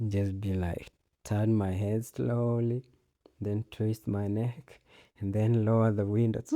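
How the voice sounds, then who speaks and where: A man's voice: lowish voice, mellow, dry recording, studio quality. A man hosting a casual solo talk show, rambling in a laid-back way, swearing often and laughing at his own jokes. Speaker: podcast host.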